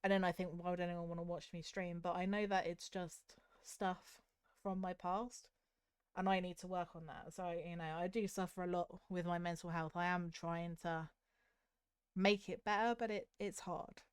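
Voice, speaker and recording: A young woman from the south of the UK with a Southern English accent, chatting openly with her stream viewers in a soft, candid, self-critical way with hesitant restarts. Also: on the low side, fairly even intonation, normal speed, clean tone, no room sound, clean studio sound. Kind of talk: casual chat with stream viewers.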